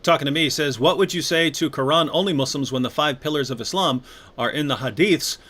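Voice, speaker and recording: A man hosting a live online conversation, reading viewer questions and retelling stories with lively quoted voices. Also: fairly high pitch, brisk. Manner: animated, acts out quoted voices. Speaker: host.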